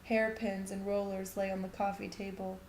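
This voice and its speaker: A woman reading a short story aloud in a steady, even narrating voice. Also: mid-range voice, moderate pace, a little hiss or hum. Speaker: reader. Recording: echoey room.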